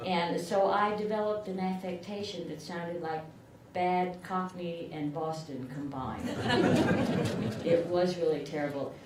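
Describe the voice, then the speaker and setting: Taking it slowly in a fairly low voice, an older woman with a rural southern Illinois accent accepts an award at a podium mic. Her speech is chatty and self-deprecating. The recording comes from a distance in an echoey room, with background noise.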